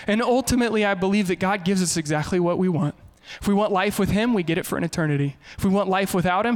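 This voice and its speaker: A man in his thirties preaching a sermon as pastor, animated and mixing in humorous stories. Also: sits high.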